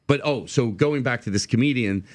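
A man's voice: mid-range voice, moderate pace. A man in his fifties, a comedian guest on a podcast, telling rambling stories with many restarts. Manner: animated rambling storyteller, restarts a lot. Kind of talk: casual podcast chat.

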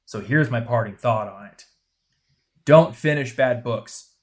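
A man co-hosting a podcast, giving blunt, emphatic advice in casual chat. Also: medium pitch. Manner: emphatic, punchy advice-giving with quick asides. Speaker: podcast co-host.

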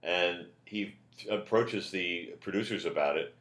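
An older man, a comedian guest, telling animated anecdotes in casual chat and loudly acting out quoted lines. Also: low voice, measured pace, echoey room.

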